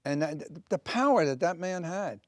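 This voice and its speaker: A man's voice: on the high side, lively intonation, moderate pace, no room sound, clean studio sound. An older man, a comedian, recalling old stories earnestly in an interview and acting out the dialogue. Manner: earnest storyteller with quoted dialogue. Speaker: comedian guest. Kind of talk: interview reminiscence.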